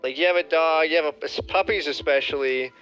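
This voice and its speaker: A man's voice: a little high, quick pace, fairly bright tone, muffled recording, soft background music. A man in casual chat, laid-back and laughing along.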